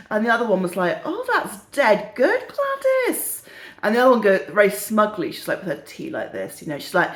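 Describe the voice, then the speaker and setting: Woman, middle-aged, giggly, rambling, lively pitch, echoey room. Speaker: perfume vlogger. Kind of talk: casual chat.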